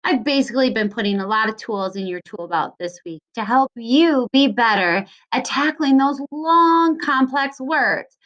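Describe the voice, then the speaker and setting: A woman's voice: fairly high pitch, expressive, measured pace, few pauses, fairly bright tone, muffled recording. A woman teacher giving a recorded lesson to young children, stretching out syllables in a sing-song way. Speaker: second grade teacher.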